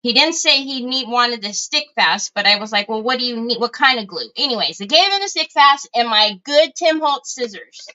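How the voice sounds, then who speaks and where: A woman's voice: a little high, expressive, normal speed, hardly any pauses, pushed and bright, dull audio. A middle-aged woman, chatting casually with viewers while crafting on a livestream and telling stories. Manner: chatty storyteller, talks to viewers as y'all.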